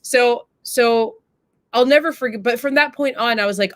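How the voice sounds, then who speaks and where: A woman's voice: fairly high pitch, moderate pace, no room sound. A woman hosting a live stream, talking earnestly and casually and addressing her viewers directly. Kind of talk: casual reflective talk to viewers.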